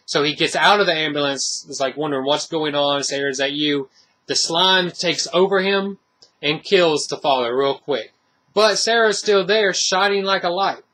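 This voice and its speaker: A man's voice: a little high, normal speed, sharp tone. A man giving a casual, rambling spoken movie review, full of fillers and restarts.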